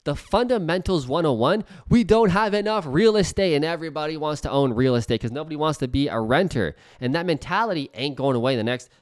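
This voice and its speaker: A man's voice: on the high side, expressive, brisk, few pauses. A man in his thirties from Canada ranting to camera about real estate in a heated, profane way, and mocking others in put-on voices. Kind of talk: casual rant to camera.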